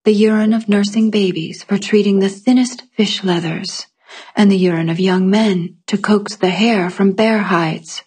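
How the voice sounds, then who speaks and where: A woman narrating a first-person fantasy story in a calm, measured storytelling manner. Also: medium pitch, breathy edge. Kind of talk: scripted fiction narration.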